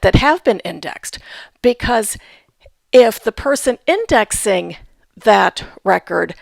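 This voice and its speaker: A woman's voice: medium pitch, creaky, no echo, studio quality. A woman giving a patient instructional talk on family history research, spelling out names letter by letter. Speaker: genealogy instructor.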